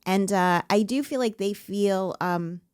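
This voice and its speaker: A woman's voice: medium pitch, unhurried, a little mellow, smooth, dry recording, clean studio sound. A woman co-hosting a podcast in easygoing, wry casual chat. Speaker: podcast co-host.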